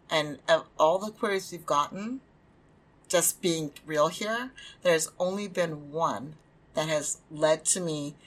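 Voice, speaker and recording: A woman's voice: deep voice, a bit bright. A woman hosting a podcast, talking candidly and casually, venting with lots of fillers. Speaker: podcast host and small press publisher. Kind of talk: casual solo podcast talk.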